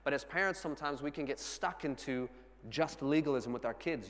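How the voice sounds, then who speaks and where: In a hall with long reverb, a pastor in his thirties preaches a sermon, sharing a family story with earnest warmth and occasionally laughing at himself. His voice sits on the high side and he talks a little fast.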